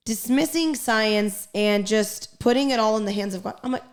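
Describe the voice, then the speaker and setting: A woman's voice: on the high side, normal speed, few pauses. Blunt, swearing woman podcast co-host. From Mexican-American. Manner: blunt, frank, swears freely, emphatic. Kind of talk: casual podcast conversation.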